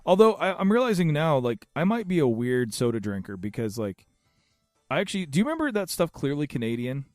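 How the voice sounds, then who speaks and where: A man's voice: on the high side, big pitch swings, a little fast, no echo, studio quality, soft background music. A man co-hosting a casual podcast, rambling and restarting with enthusiasm. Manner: rambling, self-interrupting, enthusiastic. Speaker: podcast co-host. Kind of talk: casual chat.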